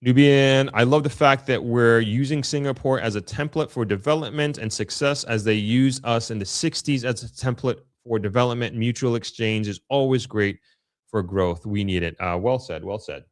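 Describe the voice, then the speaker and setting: A man's voice: medium pitch, normal speed, no echo, studio quality. A man with a Long Island accent hosting a casual live stream, reading viewer comments aloud and answering them in an upbeat, chatty way. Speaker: livestream host reading chat.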